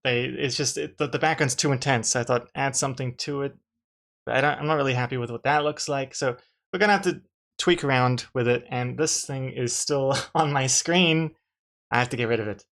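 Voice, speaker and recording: A man's voice: medium pitch, a little fast, fairly bright tone. A man, a comic artist, chatting casually to his live-stream viewers while drawing, rambling and restarting his sentences with dry jokes.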